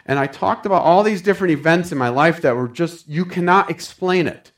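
A man delivers a sermon in a fervent, storytelling way, often addressing his congregation as saints. His voice sits somewhat higher than most men's. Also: a little fast. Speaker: preacher.

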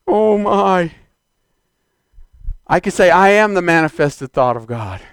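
A man preaching a fervent sermon in a church, exhorting the congregation and shouting declarations. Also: on the high side, lively intonation, a little fast, smooth, dry recording, clean studio sound.

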